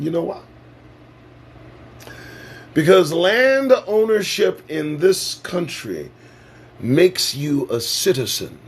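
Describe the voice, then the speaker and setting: A man's voice: high-pitched, sing-song, slow pace, a little hiss or hum. A man hosting a casual live-stream show, talking in a profane, sarcastic and preachy way. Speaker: livestream show host.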